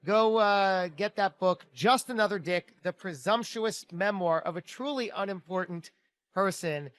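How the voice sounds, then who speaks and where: A man's voice: high-pitched, a little slow, fairly bright tone, no echo. A man hosting an interview show, effusive and upbeat as he wraps up and thanks his guest. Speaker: podcast host. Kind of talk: interview and promo outro.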